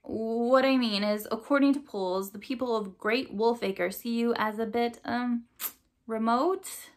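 A woman voicing a nervous male crow assistant who rushes his words with filler sounds. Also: a little high, pitched above the performer's own voice. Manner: nervous, rushing.

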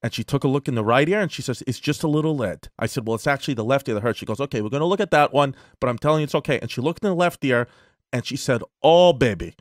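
A man's voice: mid-range voice, very fast, no echo, clean studio sound. Man rambling through a comedy story. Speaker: podcast co-host. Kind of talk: crude comedic podcast chat.

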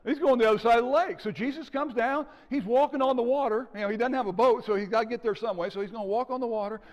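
A male pastor preaching a sermon in an animated way, acting out the scenes. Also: very high-pitched, fast talker, big-room sound, muffled recording. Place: church sanctuary.

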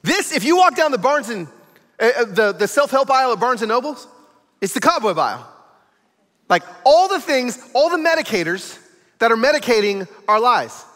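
A man's voice: very high voice, a bit bright. A man preaching a sermon in a church, telling stories animatedly and acting out the voices in them. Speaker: guest preacher. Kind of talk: sermon storytelling. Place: church auditorium. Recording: echoey church hall.

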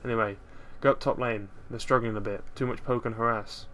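A man talks over his gameplay in a relaxed, rambling commentary. He keeps undercutting himself with dry, self-mocking jokes. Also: medium pitch, fairly quick, slight background noise. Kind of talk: casual game commentary.

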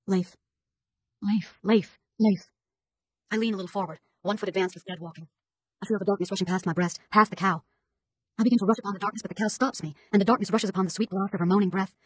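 A woman's voice: fairly low pitch, slightly rough, no echo, low-quality recording. A woman reading literary fiction aloud as an audiobook narrator, narrating in first person and giving the dialogue in a rural dialect. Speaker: audiobook reader.

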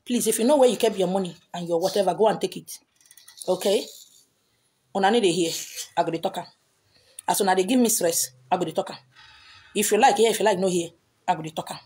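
A woman's voice: medium pitch, quick pace, pauses often, mellow. A Nigerian woman talking to her followers as a spiritual teacher, emphatic and repetitive, slipping into Pidgin and Igbo. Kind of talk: social media talk.

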